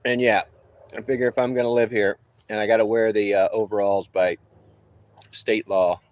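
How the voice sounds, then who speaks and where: Deep-voiced rambling man chatting outdoors. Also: little pitch movement, moderate pace, darkish tone. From New Orleans. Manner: rambling, easygoing, chuckling asides. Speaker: livestreamer and roofer. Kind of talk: casual livestream chat. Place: outdoors on a roof, on a break.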